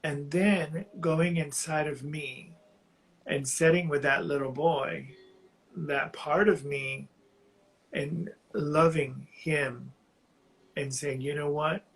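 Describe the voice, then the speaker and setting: A man calling in to a live reading, sharing something painful in a halting, heartfelt way while close to tears. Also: on the high side, fairly even intonation, gravelly, fairly bright tone, poor audio. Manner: halting, heartfelt, slow, often restarting phrases. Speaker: caller on a live psychic reading. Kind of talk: emotional personal sharing.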